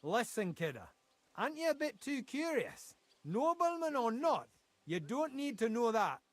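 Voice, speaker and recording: A man's voice: extremely high pitch, very animated, measured pace, a bit bright, dry recording, full character voice. An actor with a Geordie accent playing a blunt, impatient male mine foreman in a video game. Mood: guarded. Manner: blunt, dialect-heavy, grumbling.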